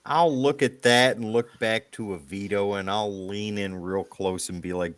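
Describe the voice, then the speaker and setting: A man playing a tabletop game, describing his character's moves in a relaxed, matter-of-fact way. His voice sits fairly low. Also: measured pace, hardly any pauses, no echo. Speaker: player. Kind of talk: casual tabletop play.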